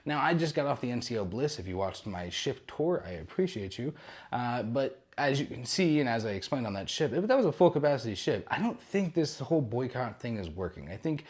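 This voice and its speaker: A man's voice: mid-range voice, very animated, a little fast, darkish tone. A young man hosting a casual cruise news roundup, chatty and rambling, with jokey asides and frequent self-corrections.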